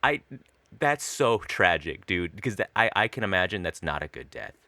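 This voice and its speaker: An excitable man co-hosting a podcast, his voice swinging up and down with a bright edge. He swears freely and laughs often. The sound is dry and close. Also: deep voice, fairly quick, no echo. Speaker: podcast co-host. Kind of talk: casual chat.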